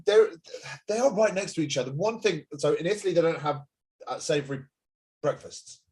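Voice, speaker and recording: A man's voice: on the high side, animated, fairly quick, a little mellow. A man co-hosting a live wine tasting, chatting casually, laughing often and reading out viewer comments. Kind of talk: casual live-stream chat.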